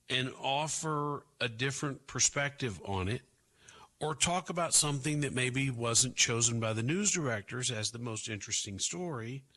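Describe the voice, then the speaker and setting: A man hosting a talk radio show, delivering sarcastic commentary with drawn-out asides. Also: medium pitch, pushed and bright.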